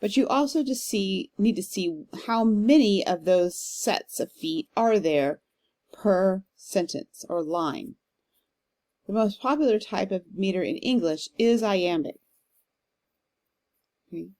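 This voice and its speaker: A woman teaching a literature class in a recorded lecture, talking casually and reading verse aloud with a slow stressed rhythm. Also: mid-range voice, expressive, darkish tone. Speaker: literature instructor. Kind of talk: recorded lecture on poetic meter.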